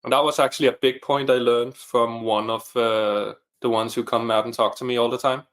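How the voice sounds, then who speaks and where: A man's voice: mid-range voice, fairly even intonation, a little fast, a bit bright. A man, a single father and coaching client, talking earnestly and reflectively in an interview. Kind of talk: casual interview chat.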